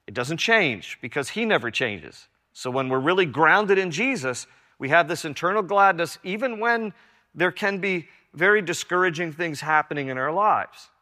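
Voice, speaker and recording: A man's voice: on the high side, expressive, moderate pace, sharp tone. An older man preaching a sermon as pastor, earnest and emphatic, repeating key lines. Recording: long hall reverb.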